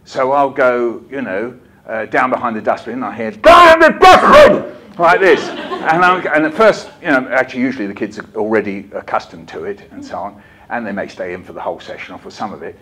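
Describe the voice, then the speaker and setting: An older man giving a lively, jokey storytelling talk to a hall of teachers, acting out bits as he goes. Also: fairly low pitch, a little fast, a little hiss or hum. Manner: lively, jokey, acts out voices and poems. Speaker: children's author giving a talk. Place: conference hall.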